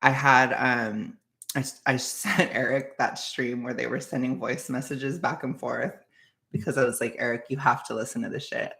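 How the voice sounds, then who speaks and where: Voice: mid-range voice, steady tone, moderate pace, vocal fry, bright, forceful tone. An anxious, jittery streamer chatting casually with viewers in a rambling way and laughing often. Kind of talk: casual livestream chat with viewers.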